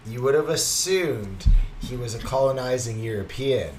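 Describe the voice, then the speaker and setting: A man's voice: medium pitch, expressive, normal speed, slight background noise. A young man co-hosting a casual podcast, rambling and acting out imagined quotes with laughter. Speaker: podcast co-host.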